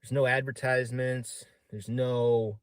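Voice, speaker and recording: A man's voice: medium pitch, level tone, measured pace, clear, resonant tone, no echo. A man casually telling a long story on a live stream, rambling with many fillers and frequent swearing.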